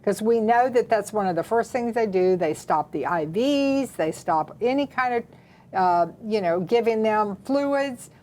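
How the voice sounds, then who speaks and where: A woman from the American South, co-hosting and telling a personal story in a lively, dramatic way. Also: mid-range voice, unhurried. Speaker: co-host. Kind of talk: casual storytelling chat.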